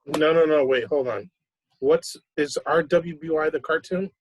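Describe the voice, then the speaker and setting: A man's voice: fairly high pitch, unhurried, breathy edge, highs cut off. A man co-hosting a podcast, chatting casually and laid-back, mostly giving short replies. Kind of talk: casual chat.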